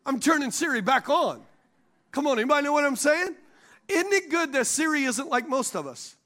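A man's voice: animated, normal speed, pushed and bright. A man preaching in church, joking with the congregation and calling for responses. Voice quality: high voice for a man. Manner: preaching with call-and-response and jokes. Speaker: pastor. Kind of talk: sermon. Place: church sanctuary.

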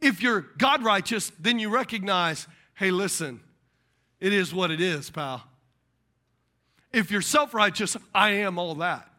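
Male preacher, very high voice, bright and forceful, animated sermon with acted-out voices. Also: a little slow. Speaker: pastor.

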